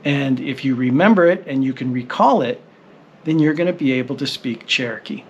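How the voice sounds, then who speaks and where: A man teaching a recorded language lesson, speaking patiently and encouragingly and sounding out syllables slowly. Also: medium pitch, slightly rough, lo-fi sound.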